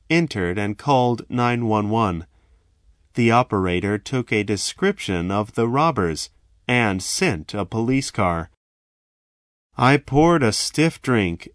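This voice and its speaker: A man telling a first-person story in a slow, measured, dramatic way. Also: mid-range voice, dry recording, studio quality.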